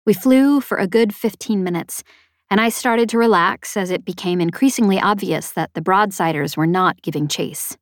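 A woman narrating an audiobook with steady, expressive delivery. Her voice sits at a middle pitch. The recording is dry and close, with no room sound. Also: moderate pace, dry recording. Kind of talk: scripted narration.

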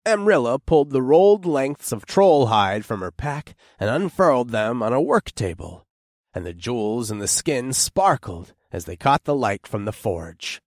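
A man narrating a first-person fantasy audiobook in an expressive, unhurried way. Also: mid-range voice, dry recording, clean studio sound.

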